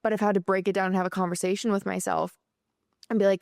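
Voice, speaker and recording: A woman's voice: medium pitch, little pitch movement, quick pace, gravelly, a little mellow, no echo, clean studio sound. A young woman in her twenties talking casually and earnestly about faith and mindset, with lots of filler words. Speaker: podcast host.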